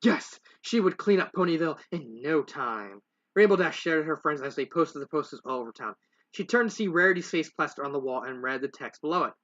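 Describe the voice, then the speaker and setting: A man reads fanfiction aloud in a casual, rambling way, stumbling over words and adding self-mocking asides. His voice is bright and a touch higher than most. The recording is dull and lo-fi. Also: lively intonation, a little fast. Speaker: fanfiction reader. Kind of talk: casual story reading with asides.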